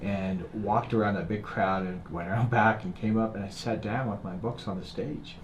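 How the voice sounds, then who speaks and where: A man's voice: on the low side, normal speed. A man telling a personal story as a guest in a casual interview, acting out the quotes as he goes. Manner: animated storyteller, acts out quotes. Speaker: guest author. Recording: roomy with faint noise.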